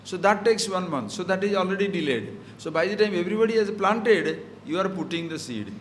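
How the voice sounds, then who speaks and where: Brisk and expressive, this man's high voice carries a scripture talk in which he explains Sanskrit verses through rhetorical questions and examples from daily life. A spiritual teacher, he blends the Sanskrit into English, and there's slight hiss or hum.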